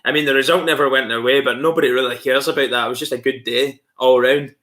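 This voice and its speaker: A man's voice: medium pitch, steady tone, fast, a bit bright. A man hosting a casual live stream, chatty and rambling with lots of fillers. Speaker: livestream host.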